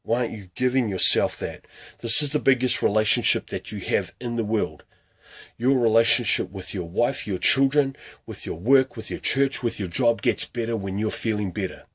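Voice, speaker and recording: Husky, low-voiced motivational fitness coach man. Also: moderate pace. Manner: fires rhetorical questions, pushy and earnest. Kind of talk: motivational talk to camera.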